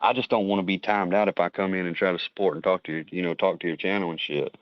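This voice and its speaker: A man's voice: low-pitched, fairly even intonation, quick pace, no room sound. A man in a casual chat, heated and rambling, swearing a lot as he vents. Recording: dry, dull lo-fi audio.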